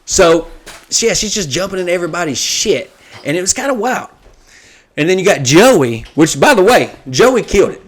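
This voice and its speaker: A man, a comedian and podcast host, telling a profane, animated story in casual chat. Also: sits high, normal speed.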